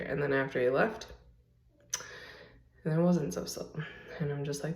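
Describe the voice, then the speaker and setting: A woman vlogs casually on a handheld phone while walking through the basement and rooms of her house, rambling and chatty with lots of fillers. Her low voice is dark and reverberant, a little slow, with frequent pauses.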